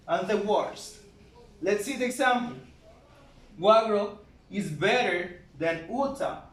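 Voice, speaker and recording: A man teaching an English grammar lesson, explaining slowly and repeating key points. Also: high voice. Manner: slow, repetitive, explains step by step. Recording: roomy, from far off, faint noise.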